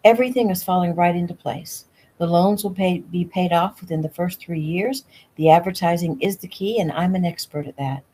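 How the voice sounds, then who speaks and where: A woman's voice: fairly low pitch, moderate pace, mellow, slightly rough. A woman reading the lines of a confident, slightly haughty young businesswoman, in a casual audiobook reading at home. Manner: plain read dialogue. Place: home room.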